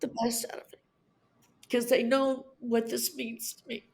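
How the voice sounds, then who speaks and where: Woman, fifties, podcast guest recounting her divorce, lively and emotional, pitch jumps up when upset. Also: a little slow, creaky. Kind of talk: emotional personal storytelling.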